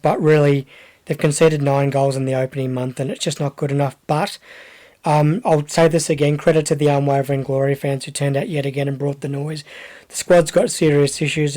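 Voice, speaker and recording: A man's voice: a little high, a little mellow. A man co-hosting a football review podcast, speaking casually with frequent hesitations. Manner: hesitant, frequent ums, measured.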